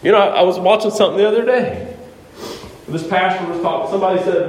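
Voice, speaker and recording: A man preaching a sermon as pastor, conversational and animated, asking the congregation rhetorical questions in a church. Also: high voice, fairly quick, a little hiss or hum. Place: church sanctuary. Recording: echoey church room, mic at a distance.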